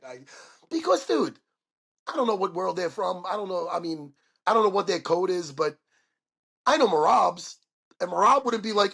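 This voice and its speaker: Guy on a podcast, gravelly raspy voice, bounces all over, swears a lot, acts out the quotes. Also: high-pitched, moderate pace. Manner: profane, excitable, acts out quotes. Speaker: podcast guest. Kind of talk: animated storytelling chat.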